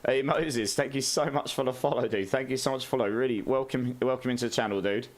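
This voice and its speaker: A man's voice: medium pitch, fast. A man, chatting casually on a game live stream, greeting viewers and laughing often.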